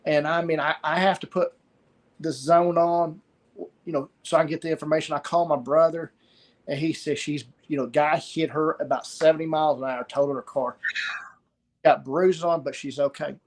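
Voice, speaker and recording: A middle-aged man with a somewhat high voice tells a personal story of loss. He speaks haltingly, pausing often and starting phrases over. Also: fairly even intonation. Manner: halting, pauses and repeats words. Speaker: guest sharing a story of loss.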